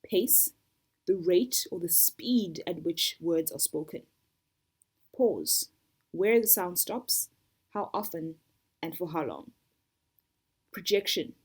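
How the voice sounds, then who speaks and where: Woman running a storytelling workshop, lowish husky voice, goes term by term. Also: darkish tone. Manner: deliberate, defines terms one by one. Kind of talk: instructional talk.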